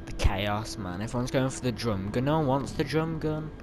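A young man giving excitable live commentary over his gameplay, yelling at other players and grumbling when things go wrong. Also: mid-range voice, fairly quick, music in the background. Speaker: gamer. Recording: game sounds loud behind voice.

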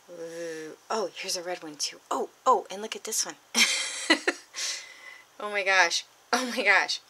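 Excitable woman crafter, bright, lowish voice, gushes and whispers. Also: slow, long pauses. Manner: gushing, excitable, drifts into breathy whispers. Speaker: crafting vlogger. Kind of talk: unboxing vlog.

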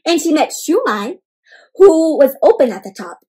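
A woman reading a picture book aloud to children, animated and often asking her young listeners questions. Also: high-pitched, normal speed. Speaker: children's storyteller. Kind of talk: interactive read-aloud for kids.

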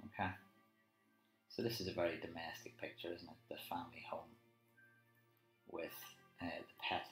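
Guy teaching a poem, deep low voice, chatty and thinking out loud, roomy echo. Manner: conversational, thinking aloud with fillers and tag questions. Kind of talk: live poetry annotation lesson. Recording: roomy echo with faint music.

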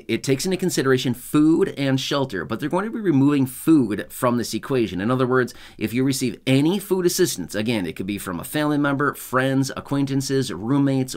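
A man's voice: mid-range voice, expressive, a little fast. Male host, casual explainer; chatty, self-correcting, laughs at his own quips. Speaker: channel host explaining benefits news.

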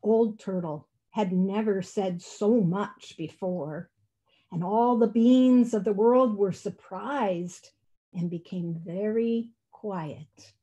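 Slow, gentle woman reading a storybook. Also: medium pitch. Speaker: church storyteller. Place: church service.

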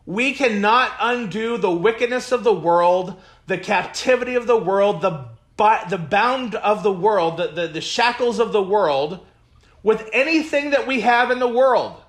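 A male pastor leading a Bible study, speaking at a slow, deliberate pace. His voice sits a little high for a man. He preaches with emphatic repetition and stops to comment on the verses he reads. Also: animated, fairly bright tone. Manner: reads scripture aloud with comments.

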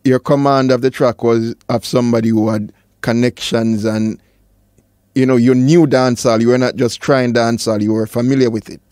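A man hosting a radio interview, asking direct, measured questions. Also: mid-range voice, fairly even intonation, darkish tone, dry recording, clean studio sound. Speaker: radio show host.

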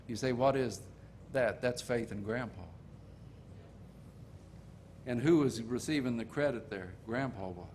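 An older man preaching a sermon in a folksy storytelling manner, slowing down to stress key points. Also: mid-range voice, darkish tone, slight background noise.

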